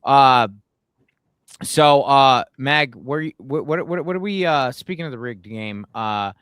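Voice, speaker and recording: A man chatting casually as a guest, telling animated stories and acting out quotes, swearing when he gets worked up. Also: medium pitch, a little slow, clean tone, no room sound, studio quality. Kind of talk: casual chat, storytelling.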